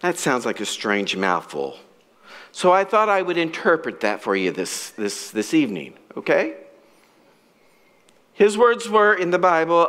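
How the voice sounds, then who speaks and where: A middle-aged male pastor delivering a sermon at a deliberate, unhurried pace. His voice sits a little high for a man and rises and falls widely as he tells the story. He preaches with dramatic storytelling, slowing down on key words. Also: big pitch swings. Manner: dramatic storytelling, acts out quoted characters; slow, deliberate preaching with wide swings in pitch and loudness.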